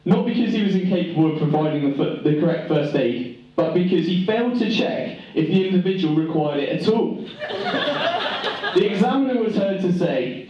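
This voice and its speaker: A man's voice: high-pitched, expressive, moderate pace, muffled recording. A man giving a joking, teasing wedding speech as best man. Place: wedding reception hall. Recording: echoey hall from far off, noisy.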